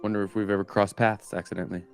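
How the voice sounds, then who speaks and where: A man's voice: fairly low pitch, little pitch movement, rapid-fire, clean tone, soft background music. A man from Southern Alberta, interviewing in a laid-back, self-deprecating way. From Southern Alberta, Canada. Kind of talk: casual interview chat.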